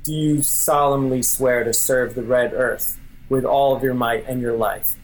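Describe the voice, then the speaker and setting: A man's voice: mid-range voice, fairly even intonation, measured pace, lightly acted, low-quality recording. Brief: man playing a scheming lieutenant, formal and ceremonial, close to his own voice. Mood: solemn. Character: scheming male lieutenant laying out a plan.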